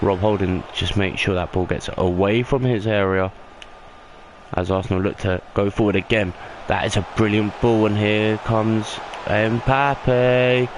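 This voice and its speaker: A young man doing excitable play-by-play football commentary over a video game he is playing. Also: normal speed, background noise. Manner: excitable play-by-play, rising in pitch on big moments. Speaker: gaming YouTuber.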